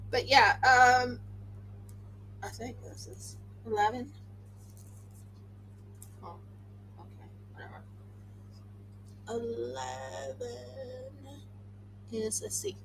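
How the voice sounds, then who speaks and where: Woman, tired, crafting stream host, chatty, excitable, slow speech, bright tone. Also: on the high side, a little hiss or hum, low-quality recording. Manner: chatty, excitable, talks to herself as she works. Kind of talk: casual chat while crafting.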